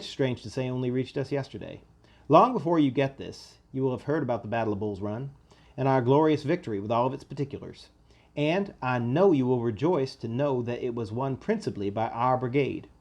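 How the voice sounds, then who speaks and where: A man's voice: medium pitch, a little mellow. A man putting on a boastful Southern soldier. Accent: put-on American Southern. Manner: boastful, spirited letter reading. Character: proud young Southern soldier writing home, man.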